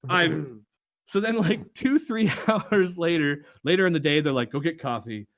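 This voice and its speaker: A man's voice: on the high side, a little slow. A young man, a podcast co-host, tells a story among friends, swearing freely and acting out everyone's lines. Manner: animated, swears constantly, acts out quotes.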